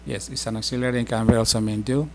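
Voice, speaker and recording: A middle-aged man giving a casual spoken language lesson, explaining slowly with many fillers and restarts. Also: medium pitch, steady tone, a little hiss or hum. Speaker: language teacher.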